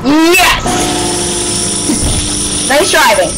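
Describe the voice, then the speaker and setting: Woman let's-player: excitable, unhurried between shrieks, with game music behind. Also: high voice, poor audio. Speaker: gameplay commentator. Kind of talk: let's play commentary.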